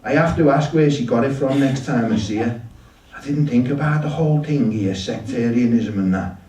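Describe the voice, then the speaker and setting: A man telling a story live in a dry, deadpan way, swearing freely. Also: medium pitch, moderate pace. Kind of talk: live spoken-word storytelling. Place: shop venue with audience. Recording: roomy shop, mic at a distance.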